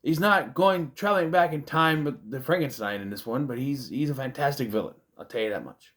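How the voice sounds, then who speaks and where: A man's voice: medium pitch, lively intonation, brisk, a bit bright. A man, casually reviewing a movie in a rambling, chatty way, with self-deprecating asides. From United States.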